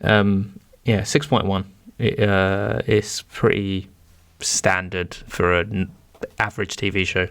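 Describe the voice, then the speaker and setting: An easygoing man chats on a film podcast in a low voice. He agrees readily and chuckles between remarks. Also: little pitch movement, slow pace, gravelly, fairly bright tone, clear, resonant tone. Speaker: podcast co-host. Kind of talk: casual film podcast chat.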